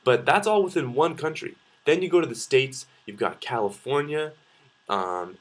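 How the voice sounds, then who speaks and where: A man's voice: mid-range voice, animated, moderate pace. A man, talking casually to camera in a video response and thinking aloud with frequent ums and uhs. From Canada. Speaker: vlogger.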